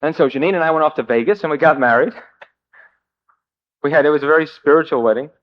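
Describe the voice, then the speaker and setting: A man telling his own recovery story to a meeting, with wry self-mocking humor and halting, filler-heavy delivery. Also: fairly high pitch. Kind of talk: personal recovery story told to a group. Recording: dull old cassette tape.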